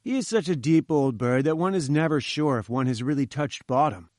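A man voicing an eager, cheerful young male journalist who talks briskly, in an audiobook reading. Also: a little high, lively intonation, darkish tone, no room sound, clean studio sound, lightly acted. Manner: brisk and enthusiastic.

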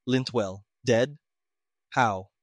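A man reading an audiobook, voicing a brusque, irritable army colonel who snaps crisp commands. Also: medium pitch, extremely slow, no room sound, studio quality. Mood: impatient, commanding.

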